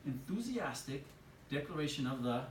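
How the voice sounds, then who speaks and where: A man's voice: mid-range voice, very animated, moderate pace. A man giving an enthusiastic motivational sales training talk to a live audience, asking them questions. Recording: echoey room from far off, light hiss.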